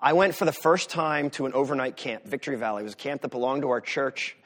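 A man's voice: medium pitch, fast talker, fairly bright tone. A man from the US Northeast preaching a sermon as pastor, talking in a conversational way with sarcastic asides.

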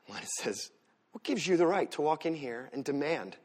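A man preaching a sermon as pastor, swinging from loud emphatic lines to soft asides. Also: mid-range voice, brisk. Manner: animated preaching, rises loud for emphasis then drops soft.

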